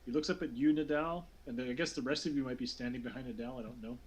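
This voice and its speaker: A man's voice: mid-range voice, fairly even intonation, quick pace. Game master, male, casual rambling narration full of restarts, mid-range voice. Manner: rambling, hesitant, lots of fillers and restarts.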